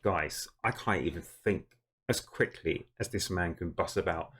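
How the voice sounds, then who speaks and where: A man's voice: low-pitched, unhurried, fairly bright tone, husky. Amazed British-based man reacting casually. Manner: amazed, chatty, frequent laughs, addresses viewers as guys. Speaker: reaction channel host.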